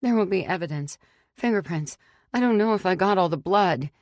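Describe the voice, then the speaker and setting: A woman voicing a panicked woman covering up a crime, talking in frantic, shrill, breathless bursts. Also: expressive, moderate pace, a little mellow, dry recording, studio quality, natural voice.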